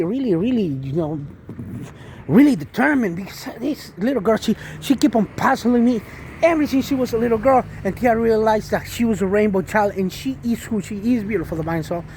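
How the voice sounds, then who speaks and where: A man's voice: sits high, lively intonation, moderate pace, a little mellow, a little hiss or hum. A man and father telling a rambling spiritual story about his daughter, with many restarts and repeated endearments. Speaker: vlogger and father.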